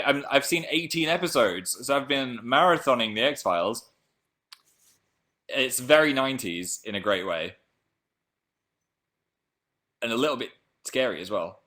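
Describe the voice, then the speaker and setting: A man's voice: unhurried, long pauses. Rambling, jokey man on a livestream. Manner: rambling, jokey, with sudden excited jumps in pitch and volume. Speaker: livestream host reading viewer comments. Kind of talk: casual chat.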